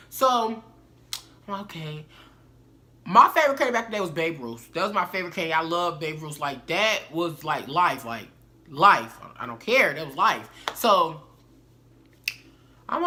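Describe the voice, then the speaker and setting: A young woman tells a story straight to her viewers. Her bright voice swings up and down as she talks. She keeps it loose and slangy, calling her audience "y'all". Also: on the low side, animated, normal speed. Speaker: vlogger. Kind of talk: casual storytelling to camera.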